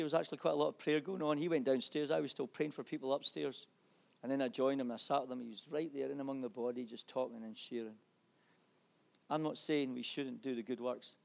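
A man preaching a sermon in a church, telling a personal testimony with impassioned swings from loud fervour to hushed intimacy. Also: medium pitch, creaky.

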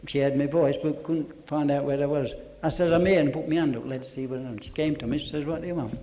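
Man giving testimony to a congregation; earnest, mellow, pitched a little high. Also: steady tone, fast talker. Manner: earnest storyteller who drops to a hush for quoted voices. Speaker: church testimony speaker.

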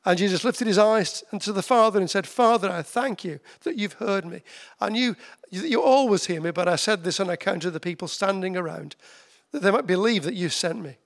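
Gravelly, high-voiced preacher. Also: male voice. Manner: conversational, with slow emphatic repetitions. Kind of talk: sermon.

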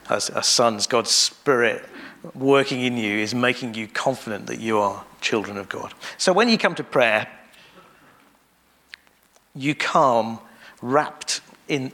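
A man preaching to his congregation with a gravelly, creaky edge to his voice. He speaks in a measured way, pausing often and going back over his phrases. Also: medium pitch, sharp tone. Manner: measured, with pauses and restarts. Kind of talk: sermon.

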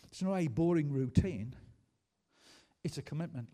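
Male pastor, emphatic sermon delivery with call-and-response, mellow dark tone, slightly high pitch. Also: expressive, moderate pace, pauses often. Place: school hall.

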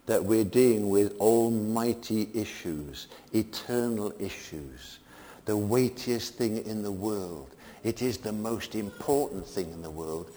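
An older man preaching a sermon, swinging between emphatic peaks and quiet asides. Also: medium pitch, long reverb tail.

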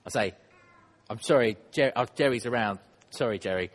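A man's voice: mid-range voice, normal speed, long reverb tail. Man preaching a chatty sermon. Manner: conversational, self-deprecating, asks the congregation questions. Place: church.

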